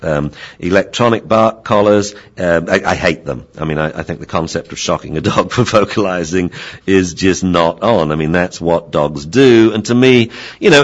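Male radio host, very low voice, chatty dog-training talk, dull lo-fi sound. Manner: chatty, answers listener questions, imitates dogs. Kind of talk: radio talk show monologue.

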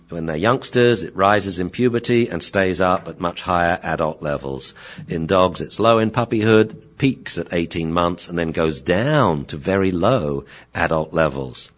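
A man, a veterinarian and dog trainer, explaining dog behavior in a lively storytelling manner. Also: low voice. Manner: lively storytelling, acting out scenes. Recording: dull lo-fi sound.

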